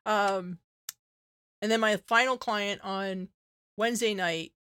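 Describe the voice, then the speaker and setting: A woman's voice: mid-range voice, slow pace, clean tone, no echo. A woman in her thirties, a veterinarian co-hosting a podcast, telling stories in casual chat, full of "like" and "you know", acting out her own lines. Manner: animated storyteller, acts out her own quotes; many fillers like "like" and "you know".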